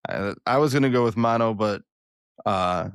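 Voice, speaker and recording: A young man hosting a podcast, joking loudly with a flat announcer-like delivery. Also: on the low side, normal speed, clean tone, no echo, clean studio sound. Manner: loud, joking, self-described monotone announcer delivery. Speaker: podcast host. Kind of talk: casual podcast chat.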